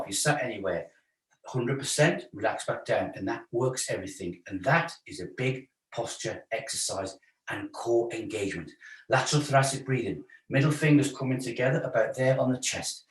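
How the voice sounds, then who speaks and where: A man's voice: mid-range voice, animated, brisk. A man leading a stretch class, chatty and joking while he counts the holds. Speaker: fitness instructor. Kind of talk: guided stretch class instruction. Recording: roomy sound from a distance.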